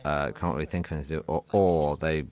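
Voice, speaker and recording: A man from Britain giving a casual film commentary, deadpan and mock self-important, rambling through his stories. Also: extremely low pitch, fast.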